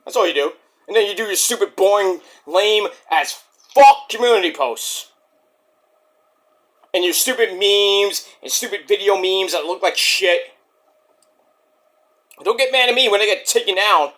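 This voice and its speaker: A male wrestling vlogger delivers an angry, foul-mouthed rant at his critics, repeating himself as he goes. His voice is high and bright, and it swings widely in pitch. He sounds combative from start to finish. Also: lively intonation, unhurried, long pauses. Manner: profane, combative, repetitive. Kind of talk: angry profane rant to the camera.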